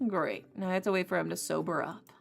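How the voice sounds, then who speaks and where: A woman with a fairly low, creaky voice speaks quickly and with fairly even intonation, faint music behind her. She voices a weary, fretful professor who cares for creatures in a visual novel game, scolding and sounding worn out.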